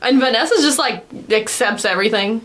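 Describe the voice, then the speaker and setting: A woman's voice: a little high, lively intonation, brisk. A young woman hosting a reaction video, gasping and exclaiming with emotion. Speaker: reaction host. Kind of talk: reacting to a TV show.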